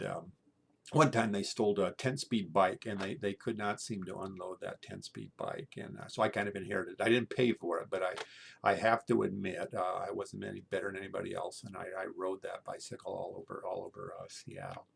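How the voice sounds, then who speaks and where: Creaky, halting older man. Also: deep voice, slight background noise. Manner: halting, full of fillers. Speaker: storyteller. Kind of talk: personal story told aloud.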